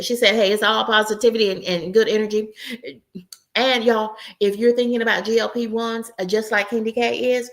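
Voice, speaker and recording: Woman, late forties, livestream host, upbeat, preachy, says y'all, mid-pitched voice. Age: 40s. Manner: upbeat and preachy, keeps saying y'all and friends. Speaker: YouTube channel host. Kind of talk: casual livestream chat.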